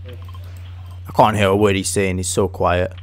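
An English man giving excitable casual commentary while playing a game, shouting at his teammate. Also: deep voice, unhurried, a little hiss or hum. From England. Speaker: gaming video host.

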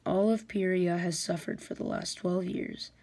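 Woman voicing a captive male ice dragon, wounded and defiant, desperate, gravelly and low, storybook figure. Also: fairly even intonation, normal speed, mellow. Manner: pained, desperate.

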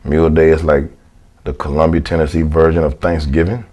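A man telling a wrestling story in casual conversation, emphatic and profane, jumping into mocking high voices when he quotes people. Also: flat delivery, brisk, dark tone, rough recording.

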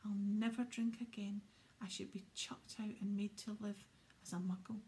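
A woman voicing a huge, soft-hearted grown male groundskeeper with rough, blunt speech in a storybook reading. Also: medium pitch, fairly even intonation, measured pace. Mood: sobbing.

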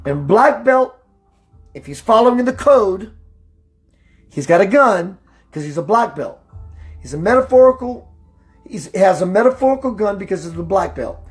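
A man hosting a spiritual talk radio show, preaching emphatically, slowing down for emphasis and greeting listeners by name. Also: expressive, faint music behind. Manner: slows down for emphasis, voice dips low and quiet.

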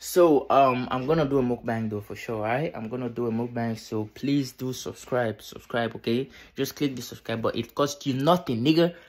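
A tired young man vlogging from his bedroom at night, keeping his voice low and repeating himself. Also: moderate pace, hardly any pauses, slight background noise. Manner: tired, quiet near-whisper, repetitive. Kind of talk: casual vlog talk to camera.

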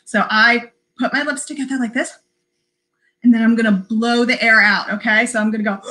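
A woman's voice: fairly high pitch, pushed and bright. A woman librarian reading a picture book aloud to young children, in a sing-song, encouraging voice that mixes in animal noises. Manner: encouraging, talks to young viewers. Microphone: livestream camera mic.

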